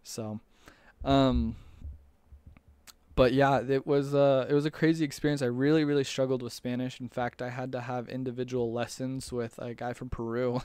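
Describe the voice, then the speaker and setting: A man's voice: medium pitch, level tone, moderate pace, darkish tone, clean tone, no room sound. Young man telling a rambling story. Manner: rambling, with frequent restarts and chuckles. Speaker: storyteller recalling a church mission. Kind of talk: casual storytelling.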